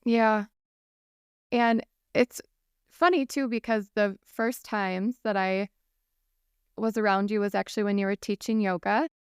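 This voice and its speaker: A woman hosting a podcast interview, enthusiastic and quick to laugh as she talks with her guest. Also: mid-range voice, steady tone, smooth, no room sound, clean studio sound. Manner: enthusiastic, laughs often, admiring. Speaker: podcast host. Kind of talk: interview conversation.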